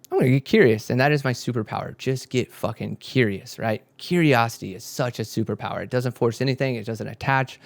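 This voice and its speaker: A man's voice: fairly low pitch, creaky, no echo. A young man telling a spiritual story in a casual, rambling way, swearing often and acting out what he and his friends said. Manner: rambling, profane, animated quoting of himself and friends. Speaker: spiritual content creator.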